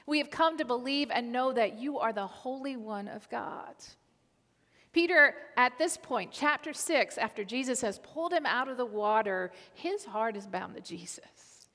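A woman's voice: on the high side, expressive, normal speed, sharp tone. A woman preaching a sermon in an earnest manner, repeating key lines for emphasis. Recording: reverberant hall.

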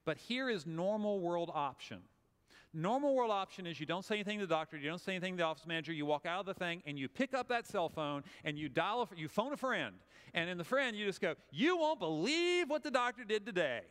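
A man's voice: high voice, lively intonation, fast talker, a bit bright, clear, resonant tone. A man with a Southern US accent giving a conversational, humorous motivational talk, acting out little scenes for the audience. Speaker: speaker. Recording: long hall reverb.

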